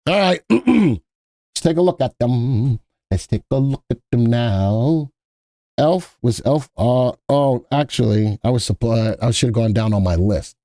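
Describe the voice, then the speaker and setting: Male live-stream market host, mid-pitched, casual and rambling, dry close sound. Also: animated, unhurried, warm tone, no room sound. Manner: chatty, thinks aloud, repeats himself.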